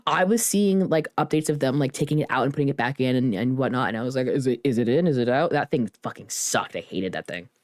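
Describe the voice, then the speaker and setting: Low-voiced, lively woman streamer chatting. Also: quick pace, hardly any pauses, no room sound, clean studio sound. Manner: rambling, self-deprecating, swears casually. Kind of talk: casual chat.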